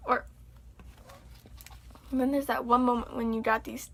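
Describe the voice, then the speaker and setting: A young woman chatting casually to her viewers, animated and chatty, acting out exasperated reactions. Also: fairly high pitch, moderate pace, gravelly. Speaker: vlogger. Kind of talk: casual chat to camera.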